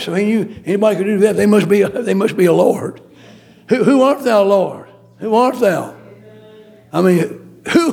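A man's voice: high-pitched, creaky, a little mellow. A man preaching a sermon, repeating phrases and restarting often as he builds emphasis.

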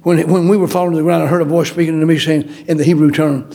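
A man's voice: fairly high pitch, flat delivery, rapid-fire, hardly any pauses, dark tone. A man preaching a sermon, repeating phrases and restarting often as he builds emphasis.

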